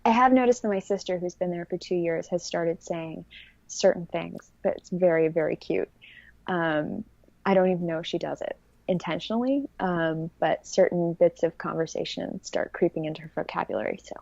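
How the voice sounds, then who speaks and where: A woman in her thirties from California with a low, gravelly voice, chatting hesitantly on a podcast. She fills her pauses with ums. The audio is dry, dull and lo-fi. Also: darkish tone, no room sound. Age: 30s. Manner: measured, hesitant with frequent ums. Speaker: podcast co-host. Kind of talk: casual podcast chat.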